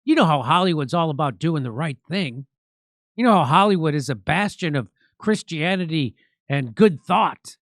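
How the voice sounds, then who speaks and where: A man hosting a political commentary show, talking in a sarcastic, mocking, animated way. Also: fairly high pitch, moderate pace, no echo, studio quality. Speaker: show host.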